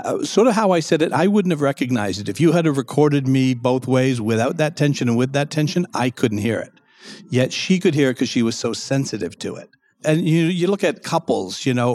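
Animated man explaining as a guest. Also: medium pitch, dry recording, studio quality. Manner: animated, acts out quoted speech in a raised voice. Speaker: guest expert. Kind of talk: explanatory interview talk.

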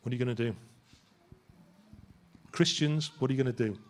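A man's voice: medium pitch, fairly quick, long pauses, darkish tone. A man, a pastor, preaching a sermon in a church in a conversational way and asking his listeners rhetorical questions.

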